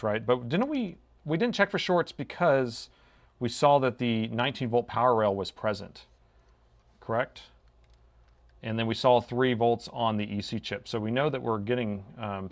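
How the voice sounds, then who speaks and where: Gravelly laid-back repairman. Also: fairly low pitch. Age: middle-aged. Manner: laid-back, drawls "man" in a stoner voice; thinking aloud while measuring. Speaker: laptop repair technician. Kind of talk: live repair commentary.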